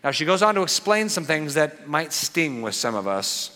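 A pastor preaching a sermon in an animated, conversational way with playful asides. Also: male voice, fairly high pitch, moderate pace, big-room sound.

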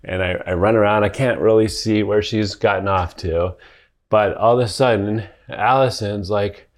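A man with a somewhat low voice tells a story in relaxed conversation. He rambles, circles back with fillers, and laughs through the telling. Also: moderate pace. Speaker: podcast co-host. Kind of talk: casual storytelling chat.

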